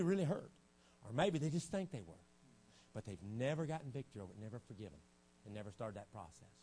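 A man preaching a revival sermon in a church, folksy and animated, acting out little stories as he goes. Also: medium pitch, a little hiss or hum. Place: church sanctuary.

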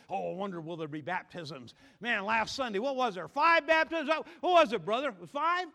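A man preaching a sermon in a church, swinging from quiet asides to shouted excitement and acting out Bible figures in voices. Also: high voice, normal speed, gravelly, few pauses, in a large hall. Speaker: pastor.

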